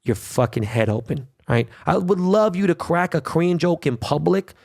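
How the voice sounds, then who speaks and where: Brash, gravelly male podcast host ranting. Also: a little high, lively intonation, moderate pace, darkish tone. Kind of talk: solo podcast rant.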